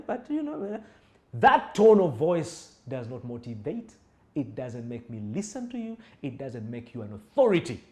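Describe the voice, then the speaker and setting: A young adult man, teaching public speaking in an animated lecture and acting out sample tones. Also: medium pitch, moderate pace. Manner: animated, acts out example voices and tones. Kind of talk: lecture-style speaking class.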